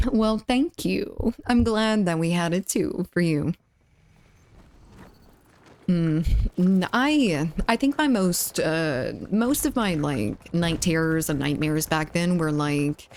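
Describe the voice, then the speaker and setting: A woman's voice: on the low side, animated, takes it slowly, darkish tone, slight background noise. A woman streaming a game, chatting casually and giggling as she reads chat aloud.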